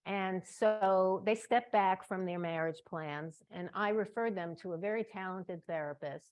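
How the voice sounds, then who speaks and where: A woman's voice: mid-range voice, unhurried. A woman in her sixties from Brooklyn, a guest speaker giving a club talk and telling personal anecdotes. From Brooklyn, New York. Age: 60s. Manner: warm anecdotal storytelling.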